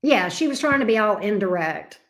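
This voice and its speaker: Her voice is medium in pitch, animated and a bit bright, with a moderate pace. She's a middle-aged woman and tarot reader hosting a livestream, casually reading viewer comments and chatting bluntly, sassily and with free swearing.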